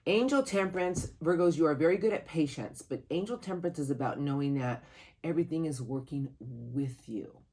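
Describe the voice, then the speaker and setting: Tarot reader, mid-pitched, husky tone; earnest, encouraging monthly reading with lively bursts. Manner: animated, sudden jumps in pitch and loudness, laughs at the cards; earnest, encouraging, talks to spirit guides aloud.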